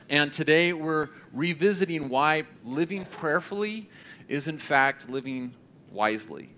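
Brief: man, pastor, mid-range voice, relaxed sermon delivery, phrases fade at the ends. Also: medium pitch, slight background noise. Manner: conversational, with fillers, often trailing off softly.

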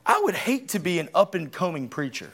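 A man in his thirties, a preacher delivering an emphatic, conversational sermon with sudden loud bursts. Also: high-pitched, very animated, a little fast, slightly rough. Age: 30s.

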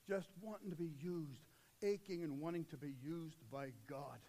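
A man preaching a sermon, swinging between loud urgent passages and low, quiet intensity. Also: normal speed.

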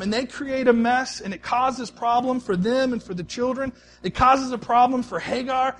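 A male pastor delivering a sermon in a conversational, storytelling way, swinging between soft, quiet stretches and emphatic ones. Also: very high voice, moderate pace, a little hiss or hum.

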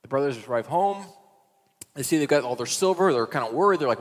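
A man's voice: mid-range voice, very fast. Man preaching in an echoey hall. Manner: conversational storytelling with casual asides. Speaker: pastor. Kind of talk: sermon. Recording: reverberant hall.

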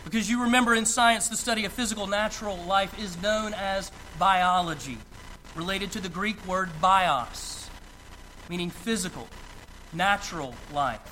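A man preaching a sermon as pastor, reading scripture and then explaining it slowly and deliberately, with emphatic pauses. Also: sits high, sharp tone, slight background noise, poor audio.

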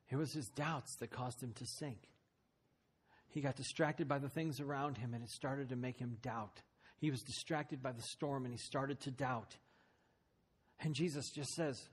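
A man's voice: mid-range voice, normal speed, a little hiss or hum. A man preaching a sermon, retelling a story dramatically with voiced quotes.

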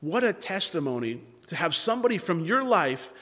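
A man preaching a sermon at a Bible study, earnest, with dramatic pauses and restarts. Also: sits high, very animated, a bit bright. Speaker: pastor leading a Bible study. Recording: long hall reverb.

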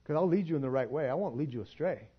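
A man's voice: on the high side, animated, fast talker, slightly rough, muffled recording. Conversational man preaching a sermon. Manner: casual, conversational preaching with frequent restarts and laughs. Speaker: pastor. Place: church.

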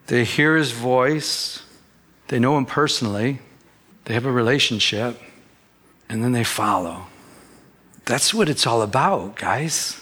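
A man's voice: medium pitch, lively intonation, measured pace, pushed and bright. A man preaching a sermon as pastor, emphatic, repeating phrases and acting out the people he quotes.

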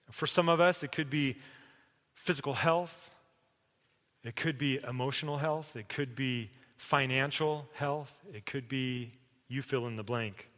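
Emphatic man preaching in a reverberant hall. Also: fairly high pitch. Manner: emphatic, shifts from loud to hushed. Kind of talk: sermon.

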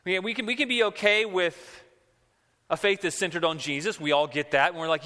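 Preaching a sermon at a brisk pace, a male pastor keeps things conversational and often slips into dramatized quotes. His voice, a touch high, sounds bright and powerful, and the church hall adds a lengthy reverb.

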